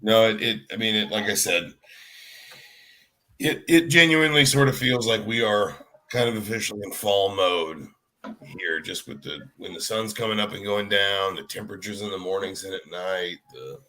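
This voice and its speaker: A man's voice: lowish voice, normal speed, sharp tone. A man joining a sports radio show as a guest, talking in a hedging, easygoing way. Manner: hedging, lots of you know and kind of. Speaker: guest reporter. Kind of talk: casual sports radio chat.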